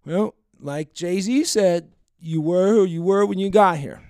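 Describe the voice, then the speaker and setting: A man voicing a drunk young woman who slowly repeats the same line over and over. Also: sits high, darkish tone, clear, resonant tone, dry recording, clean studio sound, voice pushed up. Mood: tipsy. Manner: slow, drawn-out, repetitive.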